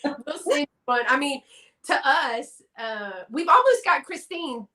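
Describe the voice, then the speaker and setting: A woman's voice: high voice, lively intonation, takes it slowly, pushed and bright. A woman from Texas with a Southern accent, chatting casually in a live stream and laughing often. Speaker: guest collector.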